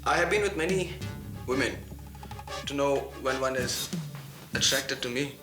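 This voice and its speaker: A man's voice: mid-range voice, a little slow, over music, natural voice. An actor playing a boastful, flirtatious male film star with an Indian accent, breezily mixing Hindi into his English. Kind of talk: 1990s TV drama acting.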